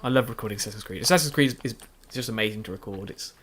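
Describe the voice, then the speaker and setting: A gaming YouTuber talks very fast in a lowish, fairly bright voice with a breathy edge, recording commentary over a video game after the fact. It's late at night and he's tired and yawning, meandering and self-deprecating with many restarts and fillers.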